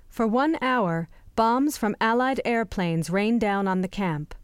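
A woman teacher summarizing a reading in a clear, explanatory, guiding manner. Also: medium pitch, slow pace, no echo. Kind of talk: lesson summary.

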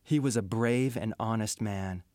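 Male narrator as an icy, accusing prince, low voice, dry recording. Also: measured pace, a little mellow, dry recording, close to an everyday voice. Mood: cold. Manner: cold and accusing. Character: bitter young prince, man, cold and accusing.

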